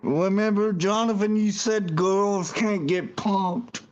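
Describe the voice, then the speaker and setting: A man hosting a casual livestream sports chat, halting and often repeating and restarting his words. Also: high-pitched, fairly even intonation, darkish tone, clear, resonant tone, muffled recording. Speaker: show host.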